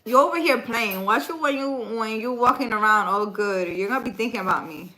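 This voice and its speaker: A woman's voice: fairly high pitch, brisk, bright, forceful tone, rough recording. A woman hosting a casual livestream, reading viewer comments aloud, teasing her viewers and then giving earnest spiritual advice.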